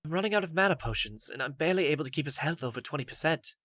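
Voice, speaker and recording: A woman's voice: low-pitched, lively intonation, very fast, fairly bright tone, no room sound, clean studio sound. A woman voicing a blunt young male mage healer in an audiobook, speaking in a matter-of-fact way. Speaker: voice actor. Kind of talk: audiobook character voice.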